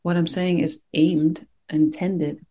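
A woman meditation teacher giving a dharma talk to her class, gentle and reflective, pausing often as she searches for words. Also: fairly low pitch, little pitch movement.

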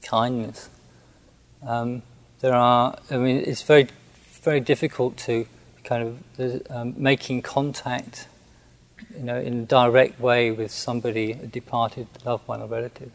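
A man who is a Buddhist monk, recounting a personal story in a gentle, hesitant way with many restarts. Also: mid-range voice, level tone, measured pace, poor audio.

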